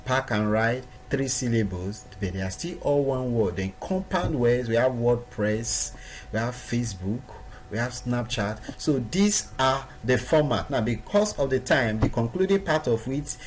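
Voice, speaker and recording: A man's voice: medium pitch, a little slow, slight background noise. A man giving a recorded training lesson to his students, stressing points by repeating words. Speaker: online business trainer.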